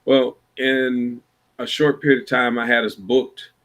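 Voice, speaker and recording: A man's voice: medium pitch, level tone, measured pace, a bit bright. A man from Iowa, a blues musician, telling stories in a laid-back, rambling way over a video call. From Iowa, USA. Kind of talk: casual storytelling chat.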